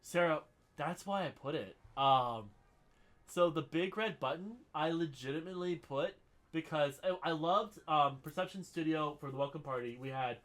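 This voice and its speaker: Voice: medium pitch, moderate pace, a bit bright. A podcast host with a scratchy throat, chatting casually on a solo show, rambling with lots of fillers and giggles.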